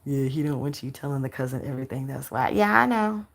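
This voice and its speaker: A woman's voice: very deep voice, expressive, quick pace, vocal fry. A woman hosting a livestream, talking bluntly and with profanity, close to tears as she vents to viewers. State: close to crying. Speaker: livestream host. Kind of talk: emotional livestream chat with viewers.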